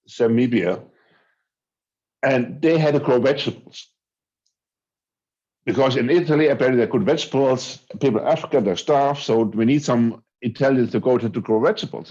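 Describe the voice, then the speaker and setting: Over a video call, a man presents a conference talk in an easygoing, chatty way, his pitch sitting in the middle range. He frequently falters and starts sentences over, and the sound quality is dull and lo-fi.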